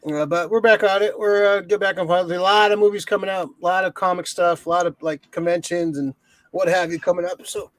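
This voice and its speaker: A man hosts a podcast in a loose, rambling chat, his voice sitting high for a man. He leans on fillers and swears without a second thought. The sound is close and dry, with no room to it. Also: fairly even intonation, fast talker, fairly bright tone, dry recording. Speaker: podcast host. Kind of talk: casual chat.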